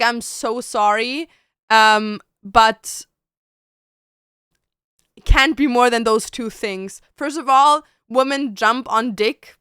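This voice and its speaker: A woman streamer talks casually and bluntly to her viewers, with plenty of swearing and "babes." Her voice is fairly high, bright and crisp, close and dry. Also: no echo. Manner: blunt, profane, keeps calling listeners babes.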